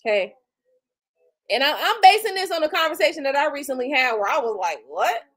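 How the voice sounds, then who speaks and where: Fairly quick and high-pitched, a woman in her forties who reads tarot rants casually while hosting her livestream, and the audio is poor. She's animated, blunt, and profane, with features, sarcastic asides, and mocking quoted retorts.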